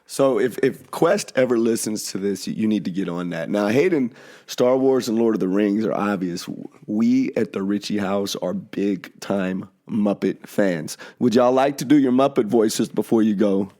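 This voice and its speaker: Easygoing podcast dad. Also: male voice, fairly low pitch, moderate pace, mellow. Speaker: podcast host. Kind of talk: casual family podcast chat. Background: faint music.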